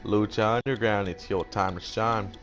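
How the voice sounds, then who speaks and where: Young male gaming commentator, lowish voice, lively and casual, faint music bed. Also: normal speed. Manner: animated, playful, acts out brands in voiced quotes, swears casually. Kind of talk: casual video game commentary.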